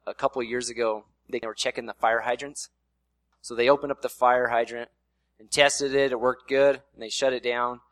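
A male pastor delivers a sermon in a loose, conversational manner, breaking off now and then for playful voiced asides. His voice sits at an ordinary pitch. The sound is dry and close, with little room echo. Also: a bit bright.

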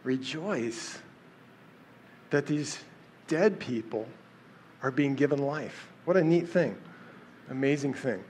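A man's voice: medium pitch, unhurried, long pauses, a little mellow, a little hiss or hum. A man teaching through a Bible passage in a casual, conversational way, with fillers and restarts. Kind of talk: casual Bible study talk.

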